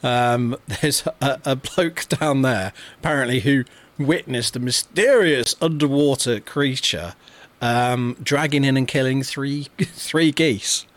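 A man's voice: medium pitch, slow pace. A man co-hosting a podcast, talking casually with many fillers and restarts. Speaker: podcast co-host. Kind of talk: casual chat.

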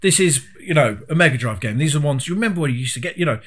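A man with a middling voice rambles through a story about an old game. He swears freely and sounds exasperated, in relaxed, unscripted chat. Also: fairly high pitch, very fast. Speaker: podcast co-host. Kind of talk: casual chat about retro video games.

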